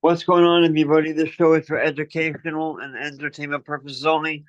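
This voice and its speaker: A man co-hosting a livestream, cracking jokes and chiming in with quick upbeat lines. His voice sits a little high for a man, and the sound is dry and dull, with no room around it. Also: little pitch movement, no room sound. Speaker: livestream co-host. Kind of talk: casual livestream chat.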